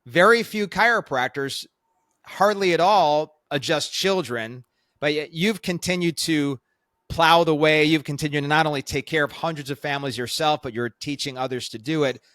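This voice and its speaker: A man's voice: a little high, moderate pace, a bit bright, no echo, studio quality. A man hosting a podcast interview, speaking emphatically in a motivational way to fellow professionals. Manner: emphatic, motivational, preaching to peers. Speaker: guest host.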